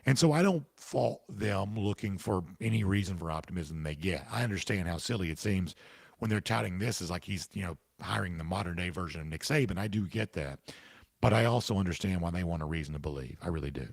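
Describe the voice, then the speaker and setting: Male sports podcast host with the hiccups, emphatic and conversational, husky voice, dry close mic. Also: low voice, lively intonation, fairly quick, no echo. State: has the hiccups. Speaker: podcast host answering listener comments. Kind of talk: casual opinion commentary.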